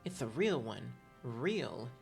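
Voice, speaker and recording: A man's voice: medium pitch, big pitch swings, takes it slowly, gravelly, darkish tone, full character voice. A man reading game dialogue aloud, voicing an eager, stubborn young boy adventurer in an earnest, cheeky manner. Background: game music.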